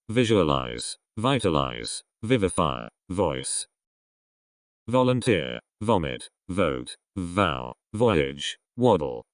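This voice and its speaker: A man reading a vocabulary list aloud, one word at a time with pauses between them. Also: low voice, dry recording, studio quality. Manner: reads single words one by one with pauses. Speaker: vocabulary reader.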